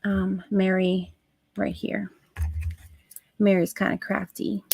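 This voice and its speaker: A woman hosting a live crafting stream, chatting to her viewers as she works, with soft asides under her breath. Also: medium pitch, little pitch movement, slow pace, gravelly, slight background noise. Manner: talks to chat viewers while working, soft asides. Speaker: craft livestream host.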